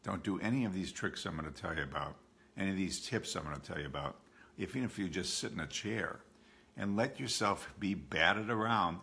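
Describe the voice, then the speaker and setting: A man's voice: low voice, bright, forceful tone. A man in his sixties talking candidly and conversationally to a support group from his home, often repeating phrases for emphasis. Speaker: OCD educator and coach. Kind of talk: live-streamed talk to a support group.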